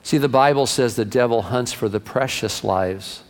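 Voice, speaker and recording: A man's voice: medium pitch, moderate pace. A pastor, a man, preaching a sermon to his congregation in a folksy, joke-telling, emphatic way. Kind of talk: sermon with jokes. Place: large church sanctuary. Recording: long hall reverb.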